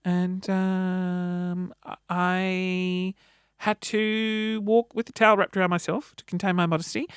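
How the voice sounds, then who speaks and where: A man's voice: sits high, fairly bright tone, smooth, dry recording, studio quality. An Australian man hosting a casual solo podcast, chatty and self-mocking. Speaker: podcast host.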